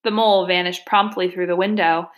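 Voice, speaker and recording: A woman's voice: on the low side, flat delivery, a little fast. Woman reading a storybook aloud.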